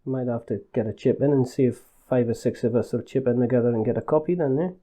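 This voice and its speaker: A man voicing a boastful factory owner chatting on the phone, with a deliberately put-on regional accent and breezy, cheeky banter. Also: on the high side, very animated, dark tone, voice pushed up. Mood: smug.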